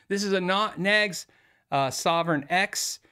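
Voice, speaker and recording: A man's voice: high voice, takes it slowly, bright, forceful tone, smooth. Man, middle-aged, chatty, filler-heavy, restarts, laughs often. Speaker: YouTube host, former music store owner. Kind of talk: casual chat to camera.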